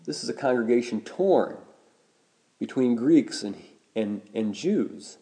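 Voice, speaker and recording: A man preaching a sermon as a pastor, measured and deliberate, slowing down to stress key words. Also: medium pitch, lively intonation, mellow.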